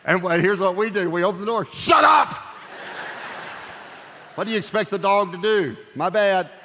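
A man preaching a sermon as pastor, animated and joking, swinging from loud punchy lines to hushed earnest ones. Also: high-pitched, fast talker, in a large hall, some chatter behind, a little hiss or hum.

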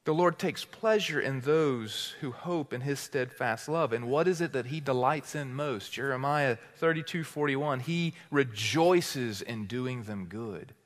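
A man's voice: a little high, in a large hall. A man preaching a sermon as teaching pastor, building emphatic repeated phrases with passion.

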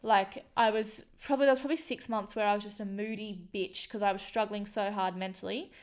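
A young woman speaks openly and bluntly in a relaxed vlog style. Her voice sits at an ordinary middle pitch, and her talk is loose and unpolished, full of "like", "um" and the odd swear word. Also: fairly quick. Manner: frank and casual, swears freely, many fillers. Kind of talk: candid personal storytelling to camera.

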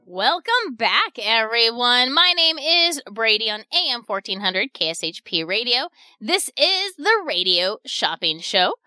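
A woman's voice: fairly high pitch, bright, forceful tone, smooth, no room sound. A woman hosting a local radio shopping show, chatting casually and repeating deals and prices in an upbeat sales patter.

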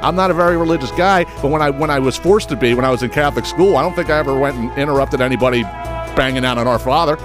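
A man from the United States hosting a podcast, telling a comedic story in a profane, animated way with stammering restarts. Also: mid-range voice, fast talker, over music. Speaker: podcast host.

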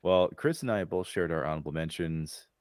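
Man, very deep voice, hosting casual chat, dry close mic. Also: brisk, smooth, no echo. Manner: moderating, quietly steering the talk. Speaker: podcast host.

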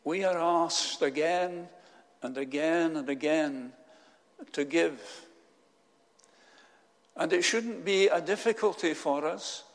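A man preaching a sermon, telling a story with slow, solemn pauses. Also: on the high side, in a large hall.

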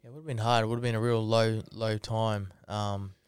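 A man's voice: on the low side, flat delivery, moderate pace, smooth, dry recording, clean studio sound. A man hosting a casual interview, prompting his guest with short questions and frequent "yeah"s. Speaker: host.

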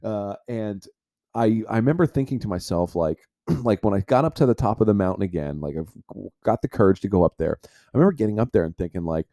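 A man with a low, mellow voice tells a personal story as a podcast host. He rambles, restarting phrases and leaning on "like" again and again. The sound is dry and close, with no room around it. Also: lively intonation, quick pace, no echo. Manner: rambling, heavy use of filler "like".

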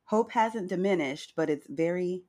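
A woman co-hosting a casual recap chat, chatty and wry, with a slightly hoarse morning voice. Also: on the low side, moderate pace, warm tone. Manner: chatty, wry, retells scenes with quoted lines. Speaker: podcast co-host recapping a reality show.

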